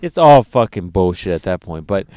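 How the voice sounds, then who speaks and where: A man with a clear, resonant voice riffs crudely on a podcast, swearing freely and mimicking other people's reactions. The sound is dry and close, with no room around him. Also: deep voice, sing-song, moderate pace, mellow, dry recording. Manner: profane, mocking, acts out quoted reactions. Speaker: podcast co-host. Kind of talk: crude casual banter.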